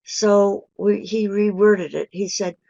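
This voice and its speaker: An older woman teaching pronunciation in a webinar lecture, speaking deliberately and stretching key words for emphasis. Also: medium pitch, level tone, vocal fry, warm tone. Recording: dull lo-fi webinar audio.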